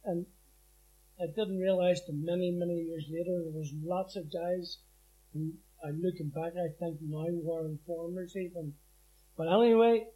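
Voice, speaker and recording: A man's voice: sits high, mellow, rough recording. A middle-aged man giving a plain-spoken personal testimony, acting out the voices in his story. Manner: plain-spoken, vivid, acts out quotes. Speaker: former prisoner giving testimony.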